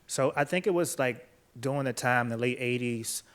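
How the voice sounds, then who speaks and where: An earnest man speaks at a middle pitch, measured and steady. His voice drops quiet when the story turns heavy, and he tells it like a talk given on a stage. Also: smooth. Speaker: author and speaker. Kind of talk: personal storytelling talk, then interview answers. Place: event stage before a live audience.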